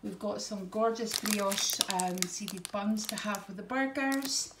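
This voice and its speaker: Slow and medium-pitched, a middle-aged woman talks through her grocery haul on her vlog in a casual, homely manner. She uses plenty of ums and sounds a bit out of breath. There's echo and faint noise in the recording.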